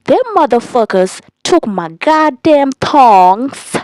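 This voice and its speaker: Animated, cussing young woman storyteller. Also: on the high side, slow, dry recording. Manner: animated, profane, repeats for emphasis. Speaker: vlogger. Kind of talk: casual storytime vlog.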